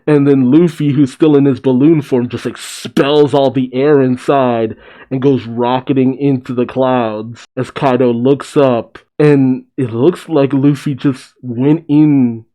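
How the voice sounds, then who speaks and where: A man's voice: medium pitch, unhurried. Laid-back man reacting to comics. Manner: excitable, swears and laughs often. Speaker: reaction video host. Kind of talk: casual reaction commentary.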